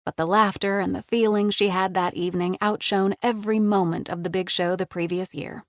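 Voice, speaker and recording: Woman, audiobook narrator, middle pitch, dry close recording, scripted reading. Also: fairly even intonation, brisk, no room sound.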